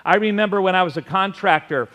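A middle-aged man preaching a sermon as pastor, telling stories in an animated way with shouted asides. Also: high-pitched, fast talker.

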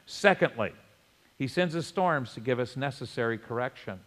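A male pastor preaching a sermon in a church, with lively bursts and chuckles. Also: medium pitch, moderate pace, in a large hall. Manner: animated preaching with sudden loud bursts and chuckles.

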